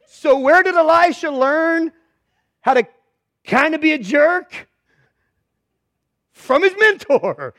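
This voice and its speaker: A man's voice: extremely high pitch, a little slow, pauses often, a bit bright, dry recording. A man preaching a humorous, conversational sermon as pastor, joking and emphatic.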